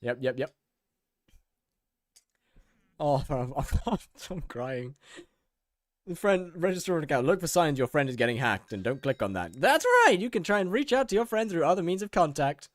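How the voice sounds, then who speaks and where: A man's voice: fairly high pitch, expressive, moderate pace, pauses often, fairly bright tone, no room sound, clean studio sound. A young man streaming a game, reading in-game text aloud, laughing often and reacting with mock outrage. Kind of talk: casual gaming commentary.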